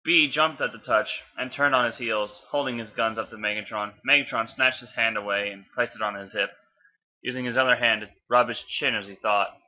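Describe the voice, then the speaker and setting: A man reads a fanfic aloud in a casual, offhand way, tripping over words and fixing them as he goes. His voice is very bright, and the recording sounds dull and lo-fi. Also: medium pitch, steady tone, brisk. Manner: offhand, stumbles and corrects himself. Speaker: fanfiction reader.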